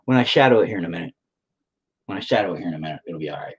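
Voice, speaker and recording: Man, low husky voice, very lively pitch, swears constantly, self-mocking rant while painting. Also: rapid-fire, rough recording. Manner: profane, ranting, self-mocking. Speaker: painting vlogger. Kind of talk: casual talk while painting.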